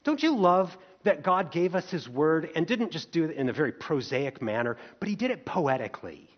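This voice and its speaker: A man preaching a sermon, telling the story in lively, expressive turns and asking the congregation rhetorical questions. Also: a little high, normal speed. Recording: dull lo-fi recording.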